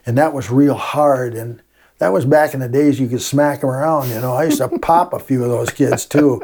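A man's voice: mid-range voice, normal speed, a little mellow. An older man, a retired teacher telling folksy classroom stories with frequent laughs in a casual interview.

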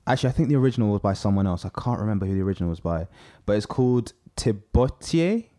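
A young man, co-hosting a casual chat and telling animated stories with lots of fillers. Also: sits low, very fast. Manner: animated storyteller, many fillers. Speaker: podcast co-host.

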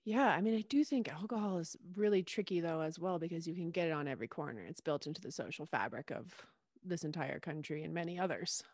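A woman's voice: sits low, quick pace, a little mellow, no room sound, studio quality. A woman author, a guest on a casual podcast, thoughtful and agreeable, laughing often as she talks.

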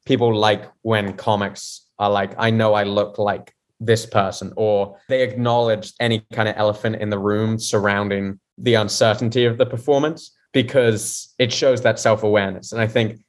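A man's voice: on the low side, little pitch movement, normal speed, few pauses. A man from London, a guest comedian chatting candidly on a podcast, self-mocking and laughing often. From London, England. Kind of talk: casual podcast chat.

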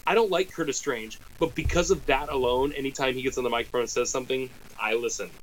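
An American man chatting on a podcast, animated and rambling, with quick asides and restarts. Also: mid-range voice, poor audio. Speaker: podcast co-host. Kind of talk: casual chat.

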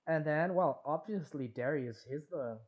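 A man co-hosting a podcast in casual chat, slowly recapping an episode. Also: a little high, a little mellow, lo-fi sound. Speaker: podcast co-host.

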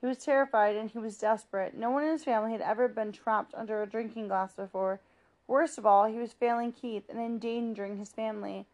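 A woman's voice: on the high side, brisk. Woman reading a children's book aloud. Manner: steady, plain narration with small slips. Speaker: reader.

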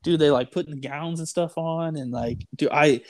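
A man's voice: on the high side, moderate pace, darkish tone. A young man telling a story in casual chat, rambling with lots of "like", "dude" and "bro". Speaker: storyteller guest.

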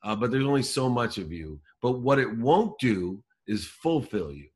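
A man in his forties telling a personal story in conversation, earnest and emphatic, slowing down for the key lines. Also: medium pitch, sing-song, a little mellow, husky.

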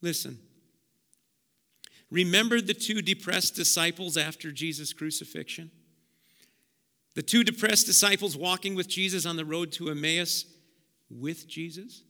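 High bright-voiced preacher, reverberant church. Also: male voice, moderate pace, pauses often. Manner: swings between hushed low passages and loud high emphatic bursts. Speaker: pastor. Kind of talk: sermon. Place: church sanctuary. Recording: long church hall reverb.

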